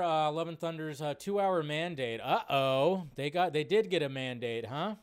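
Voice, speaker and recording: A man's voice: a little high, a little slow, few pauses, clear, resonant tone. A man hosting a casual live-stream chat, rambling and often cutting himself off as he reads out viewer questions. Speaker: host.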